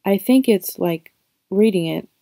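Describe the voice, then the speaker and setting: A woman's voice: mid-range voice, a little slow, gravelly, mellow, no echo, studio quality. A woman reading the part of an eager, witty teenage boy who talks in long, playful sentences. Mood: earnest.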